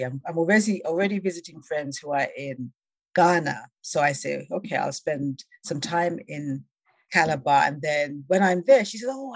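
A woman telling a personal travel story in a conversation, lively and laughing, acting out the voices of the people she quotes. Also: low voice, no room sound. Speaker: guest.

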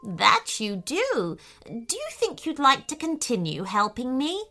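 A woman voicing a kind, very old lady who speaks warmly and gently. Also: high voice, wildly swooping pitch, a little slow, soft background music, exaggerated voice. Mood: friendly.

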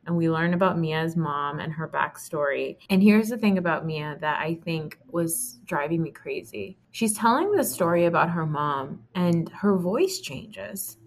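Woman podcast co-host, lowish voice, casual recap chat, thinks aloud. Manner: chatty, thinks aloud with restarts.

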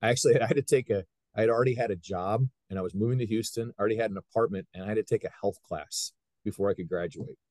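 Middle-aged man, animated storyteller, dry sound. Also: lowish voice, fast, no room sound. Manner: animated storyteller, frequent restarts. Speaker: guest, high school wrestling coach. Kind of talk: casual interview storytelling.

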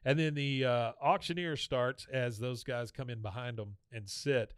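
A man's voice: medium pitch, clear, resonant tone, no echo. A man co-hosting a podcast, casually retelling cartoon scenes and acting out the characters' lines with a laugh. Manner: animated retelling, acts out lines in quick voices, laughs often. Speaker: podcast co-host recapping a cartoon episode.

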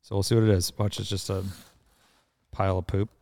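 A man's voice: sits low, level tone, brisk, vocal fry, darkish tone, dry recording, clean studio sound. A man hosting a podcast in a casual, joking chat, laughing often. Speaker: podcast host. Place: studio at a motor club.

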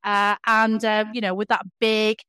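A woman's voice: medium pitch, monotone, measured pace, sharp tone, smooth, dry recording, studio quality. A woman co-hosting a podcast, talking casually with many hesitations and fillers. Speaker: podcast co-host. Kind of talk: casual chat.

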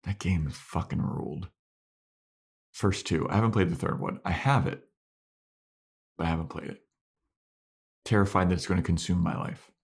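A man's voice: low-pitched, moderate pace, creaky, pauses often, slightly rough. A man co-hosting a podcast, chatting casually and animatedly acting out scenes while recapping a TV episode. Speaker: podcast co-host. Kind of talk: casual chat.

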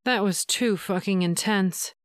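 A woman's voice: mid-range voice, a little slow, dry recording, clean studio sound, natural voice. Breathless adult woman lover, read by a woman narrator. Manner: breathless, pleading.

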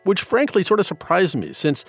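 A man's voice: high-pitched, sing-song, moderate pace, breathy edge, soft background music. A man hosting a public radio show, delivering polished scripted links and introductions. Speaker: radio host.

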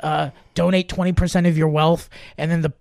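A man's voice: fairly high pitch, fairly quick, vocal fry, no room sound, clean studio sound. A man who grew up in Germany, a comedian telling stories in casual podcast chat, acting out the people he quotes. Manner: animated storytelling with quoted voices.

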